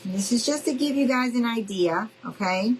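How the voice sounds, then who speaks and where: A woman's voice: fairly high pitch, expressive, moderate pace, a little hiss or hum, poor audio. A woman hosting a live crafting demonstration, chatting with viewers, saying y'all and asking okay? as she works. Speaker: craft tutorial host.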